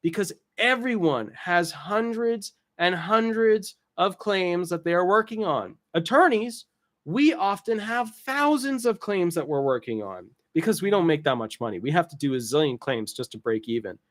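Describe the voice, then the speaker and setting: A man's voice: high voice, lively intonation, moderate pace. Rambling, jokey male disability attorney. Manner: rambling, jokey, lots of asides and restarts. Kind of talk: casual explainer video.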